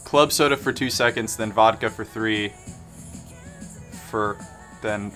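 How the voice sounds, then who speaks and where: Bright-voiced Southern man rambling at the bar. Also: on the low side, slow, soft background music. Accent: Southern American. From American South. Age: 20s. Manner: rambling, self-deprecating, jokey asides. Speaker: bartender streamer. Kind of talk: casual chat while mixing drinks.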